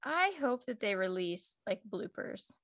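A woman co-hosting a casual podcast chat about a TV show, animated and swearing freely. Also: mid-range voice, a little slow. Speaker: podcast co-host.

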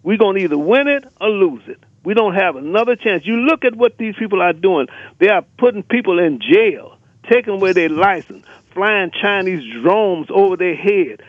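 A man's voice: high-pitched, lively intonation, moderate pace, no room sound. A man calling in to a radio show, delivering a fiery, emphatic rant and repeating rallying lists. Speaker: caller. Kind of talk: impassioned radio call-in rant. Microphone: telephone. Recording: tinny phone line.

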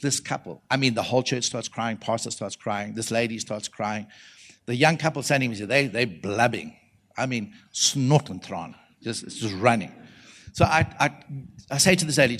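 A middle-aged South African man preaching through a long personal story. His pitch sits in an ordinary middle range. He leaps up and down in tone as he acts out what each person said. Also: normal speed. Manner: animated, acts out the voices in his stories. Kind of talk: storytelling sermon.

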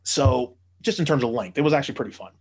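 A man telling a casual anecdote, animated, swearing freely and acting out the voices of the people he quotes. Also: mid-range voice, fast, gravelly, husky. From United States.

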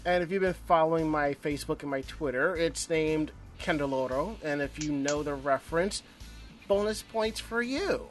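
A man's voice: fairly high pitch, normal speed, faint music behind. Chatty man hosting a podcast. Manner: chatty, rambling, friendly asides. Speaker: podcast host. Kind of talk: casual chat.

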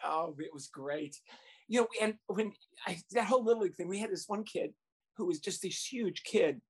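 A man telling a comic anecdote from his years as a youth baseball coach. He speaks in an animated way, breaks into laughter and acts out the voices of the people in his story. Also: high voice, normal speed, husky.

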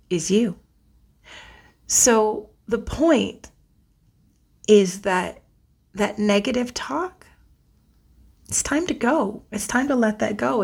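A woman giving a gentle self-care lesson, soft and earnest, often dropping almost to a whisper. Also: mid-range voice, vocal fry, husky. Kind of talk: guided self-talk lesson.

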